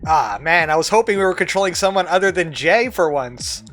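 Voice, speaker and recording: A let's play host with a bright, lively voice, tossing off dry jokes between lines of game dialogue. Soft game music plays faintly under the talk. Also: medium pitch, a little fast. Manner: wry, jokey asides. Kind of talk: gameplay commentary.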